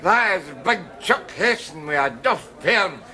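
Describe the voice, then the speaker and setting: A man's voice: high voice, expressive, a little slow, background noise. An actor playing a boozy, belligerent middle-aged Scottish man who blusters and stammers in a sitcom. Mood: blustering. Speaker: sitcom lead. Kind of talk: sitcom acting.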